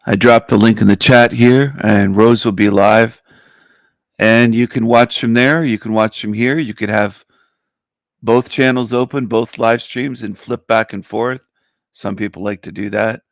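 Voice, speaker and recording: A man's voice: medium pitch, fairly even intonation, unhurried, dry recording, clean studio sound. A man hosting a casual livestream, boastful and mocking, stretching out words for emphasis, his voice groggy after a nap. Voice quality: gravelly. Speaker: livestream host.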